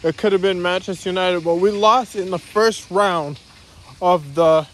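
Here a man with a high, fairly bright voice talks at normal speed, with slight background noise behind him. He's a vlogger ranting repetitively while strolling his neighborhood outdoors, tossing out "guys" again and again.

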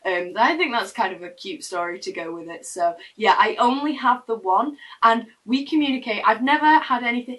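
A woman's voice: on the high side, normal speed, hardly any pauses, a bit bright, far from the mic, poor audio. A young woman telling a personal story to camera in her room, in a chatty, rambling way with frequent restarts. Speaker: vlogger. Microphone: camera mic.

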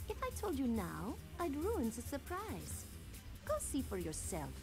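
Brief: teasing woman agent, high lilting voice, game music underneath. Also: wildly swooping pitch, a little slow, exaggerated voice. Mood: coy. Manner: coy, playful, secretive.

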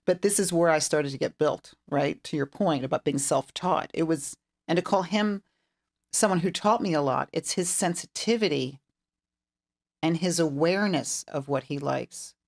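A middle-aged woman with a gravelly, fry-laden voice, telling a long story as a podcast guest. She talks animatedly and acts out what everyone said, jumping into the quoted lines. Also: low voice, moderate pace, darkish tone. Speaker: interior designer guest. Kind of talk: storytelling interview chat.

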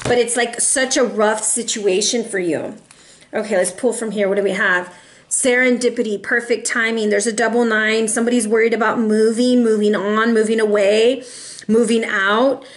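Chatty higher-pitched woman reading tarot. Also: moderate pace. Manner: chatty, animated, addresses viewers as y'all. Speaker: tarot reader. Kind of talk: casual tarot reading to camera.

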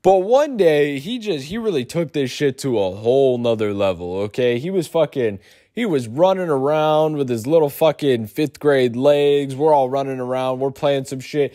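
A young man telling a profane, animated storytime for his YouTube channel. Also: moderate pace. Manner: profane, animated storytelling with big pitch swings. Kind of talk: storytime vlog.

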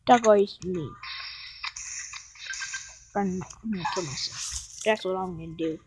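A woman giving rambling, excitable gameplay commentary and chatting to her viewers. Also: on the low side, normal speed, pauses often, background noise. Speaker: gaming vlogger.

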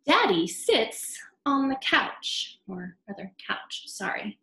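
A woman leading a children's storytime with songs and baby signs, talking in a slow, sing-song, encouraging way. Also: on the high side, sing-song, gravelly, fairly bright tone, echoey room, rough recording.

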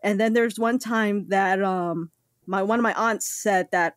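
A woman talking through a story in easy, earnest podcast chat, her voice close and dry with no room sound. She sits at a middle pitch and slips into little acted quotes as she goes. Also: a little slow, no echo. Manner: earnest, animated, acts out quotes. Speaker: manga podcast co-host. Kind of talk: casual chat.

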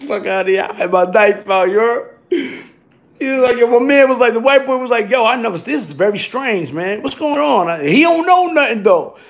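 A man's voice: very high-pitched, lively intonation, normal speed, creaky. A man telling a profane, streetwise story from his workday, acting out the other people and the sound effects himself. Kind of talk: casual spoken storytelling.

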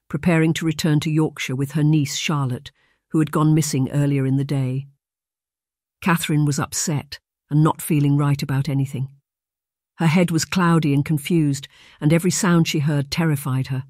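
A man narrating an audiobook in a steady, measured reading. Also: a little high, dry recording, studio quality.

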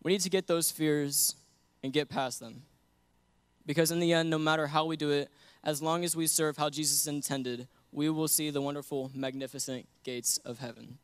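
A man's voice: on the high side, steady tone, moderate pace, clean tone, no room sound. A young man giving an earnest sermon that mixes scripture with a personal story, often laughing between points. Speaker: guest preacher.

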